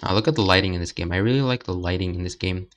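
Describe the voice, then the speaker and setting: Low-voiced young man chatting over gameplay. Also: racing, a bit bright. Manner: rambling, hesitant, many filler words. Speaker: let's play host. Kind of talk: casual gameplay commentary.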